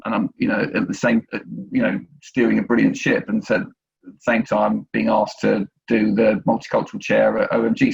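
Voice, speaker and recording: Gravelly man on a muffled call. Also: on the low side. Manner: hesitant, many restarts and fillers. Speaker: agency chief executive panellist. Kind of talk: panel discussion on video call.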